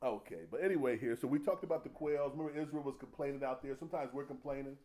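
A man's voice: medium pitch, fast talker. A man preaching a humorous, conversational sermon full of folksy slang and laughter. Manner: animated, jokey, laughs often, folksy slang.

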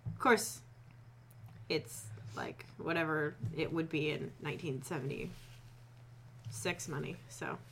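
A woman's voice: sits low, slow pace, vocal fry, pauses often, a little hiss or hum. A woman in her thirties co-hosting a casual chat, teasing and laughing along. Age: 30s. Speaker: podcast co-host.

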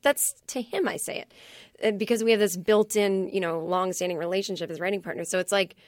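Woman comedy writer, podcast guest. Rapid, rambling storyteller who acts out quotes. Dry booth sound. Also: mid-range voice, dry recording. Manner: chatty, fast storytelling with many "like"s and acted-out quotes. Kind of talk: casual podcast interview.

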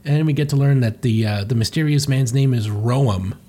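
A man's voice: mid-range voice, moderate pace, mellow, breathy edge. A man reading through a comic and commenting sarcastically, swearing casually. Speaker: comic reviewer.

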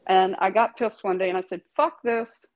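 Guest voice: middle-aged woman, mid-pitched, emphatic storyteller who swears casually and laughs a lot. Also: steady tone, brisk, muffled recording. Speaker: guest, tattoo artist. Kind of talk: candid storytelling interview.

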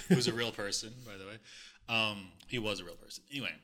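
A man's voice: lowish voice, fast talker, crowd noise. A man co-hosting a podcast in casual chat, laughing and making crude jokes. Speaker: podcast co-host.

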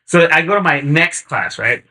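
Bright-voiced man telling a laid-back story. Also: fairly high pitch, normal speed. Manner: laid-back, slangy, acts out quotes in animated bursts. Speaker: podcast guest. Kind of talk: casual chat, storytelling.

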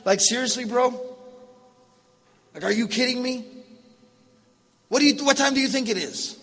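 A man playing an impatient grown son, sarcastic and exasperated with his old father. The voice is high for a man and echoes with a long hall reverb. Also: normal speed, fairly bright tone, full character voice.

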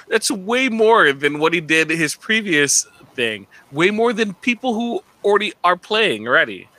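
A man in casual podcast chat with a bright, forceful tone. He talks with lively energy and often slips into slangy impressions of the people he's discussing. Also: high voice, measured pace, no echo. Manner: animated, mimics contestants with slangy impressions. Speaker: podcast co-host.

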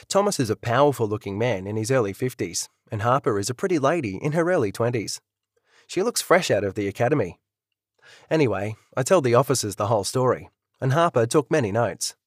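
A man's voice: medium pitch, animated, brisk, no echo, clean studio sound. A man narrating an audiobook in first person, wry and conversational.

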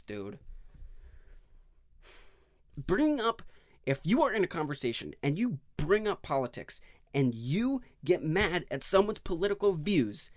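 A young man hosting a casual solo podcast, rambling and swearing, swinging from low mumbles to loud outbursts. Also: no room sound. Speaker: podcast host.

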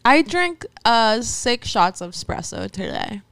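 A woman's voice: fairly high pitch, wildly swooping pitch, unhurried, creaky. A young woman in her twenties chatting in a laid-back, drawling way. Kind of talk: casual chat.

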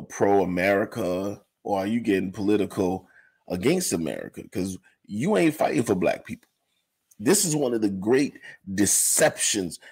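A man giving rambling, animated commentary to camera, full of "you know" asides. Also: fairly low pitch, slightly rough. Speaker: commentary vlogger. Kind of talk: casual ranting commentary.

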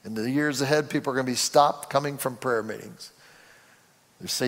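A man's voice: medium pitch, a little fast, a bit bright. A man preaching a sermon as pastor, with rising emphasis and acted-out quotes. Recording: reverberant hall.

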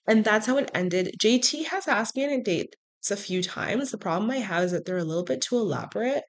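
A woman hosting a podcast, telling a personal story in a frank, animated way with sarcastic asides. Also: medium pitch, a little fast. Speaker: podcast host. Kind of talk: casual storytelling monologue.

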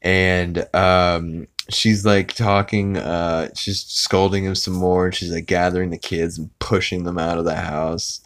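A man with a very low, deep voice hosts a podcast. He recaps a cartoon episode in a loose, rambling way and laughs along at the jokes. His talk is full of fillers and restarts. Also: level tone, a little slow, few pauses. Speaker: podcast host.

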